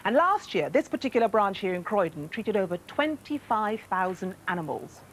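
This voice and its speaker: A woman's voice: medium pitch, very animated, normal speed, a little hiss or hum, rough recording. A woman reporting live from an animal clinic, chatty and affectionate. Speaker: location reporter. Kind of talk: live outside broadcast presenting.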